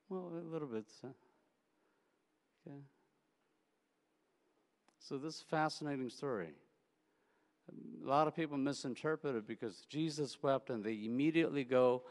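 A man preaching a sermon in a relaxed, conversational way, telling anecdotes and often repeating words as he goes. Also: mid-range voice. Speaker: pastor. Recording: echoey hall.

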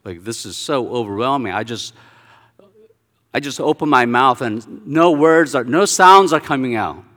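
A male pastor preaching a sermon, telling a personal story with animated swings between hushed and loud delivery. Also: mid-range voice, a little slow, big-room sound.

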